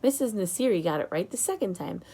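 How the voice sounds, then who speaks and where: A woman narrating a children's book in an expressive storytelling manner. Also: medium pitch, fast talker, husky. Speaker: audiobook reader.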